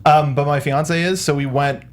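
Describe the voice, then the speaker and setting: Quick-talking co-host man, slightly high. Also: steady tone. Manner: quick, rambling with fillers. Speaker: podcast co-host. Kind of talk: casual chat, reading news.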